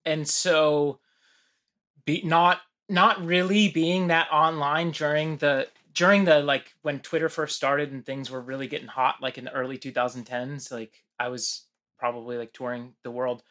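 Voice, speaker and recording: A man's voice: a little high, fairly even intonation, normal speed, sharp tone. A man guesting on a podcast, chatting loosely with lots of fillers, restarts and laughs. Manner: rambling, many fillers and restarts, laughs often. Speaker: guest musician. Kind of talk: casual podcast chat.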